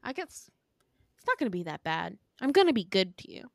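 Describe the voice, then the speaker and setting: A man's voice: sits high, very animated, fairly quick, creaky, fairly bright tone, dry recording, studio quality, heavily acted. A woman voicing a creepy, unhinged male cloning scientist who talks in falsely sweet tones and mutters in sighing half-whispers. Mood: coaxing.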